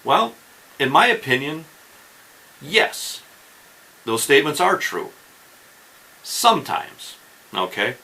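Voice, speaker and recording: A man's voice: a little high, very animated, takes it slowly, pauses often, sharp tone, poor audio. A man hosting a fishing channel, explaining tips in a casual instructional talk and often checking in with the viewer. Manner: chatty, keeps checking in with "okay?" and "right?".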